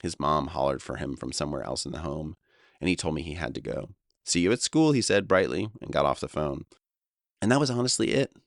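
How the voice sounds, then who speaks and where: A man's voice: extremely low pitch, fairly quick, vocal fry, a bit bright, no room sound, clean studio sound. A man in his fifties from Long Island, New York, reading his own memoir in a wry, reflective way. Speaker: author and narrator. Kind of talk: audiobook memoir narration.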